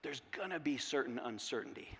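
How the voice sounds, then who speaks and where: A man preaching a sermon as pastor, repeating key phrases and asking rhetorical questions in a lively way. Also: mid-range voice, brisk, slightly rough. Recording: long hall reverb.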